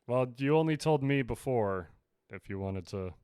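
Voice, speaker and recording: A man's voice: medium pitch, animated, moderate pace, dark tone, smooth, dry recording. A young man co-hosting a casual podcast, laid-back and dry as he steers the conversation. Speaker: podcast co-host. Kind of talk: casual chat.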